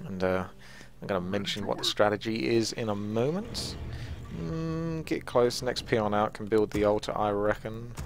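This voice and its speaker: A man's voice: fairly low pitch, expressive, moderate pace, a little hiss or hum. Chatty man commentating a strategy game. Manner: chatty, self-mocking, talks to teammates. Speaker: gaming channel host. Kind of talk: live gameplay commentary.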